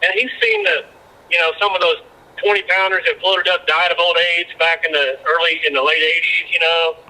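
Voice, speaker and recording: A former fishing guide talks as a guest on a podcast. He tells rambling stories full of restarts and repeated words. His voice is very bright and sits a little high for a man. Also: expressive, brisk, rough recording. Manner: rambling anecdotes with many restarts. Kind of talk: casual storytelling chat.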